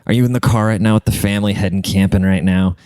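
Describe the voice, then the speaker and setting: A man's voice: on the low side, steady tone, fast, darkish tone, smooth, dry recording, clean studio sound. A man hosting his own podcast, telling crude comedic stories in a rambling, casual way full of "like" fillers. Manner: rambling and crude, heavy use of "like".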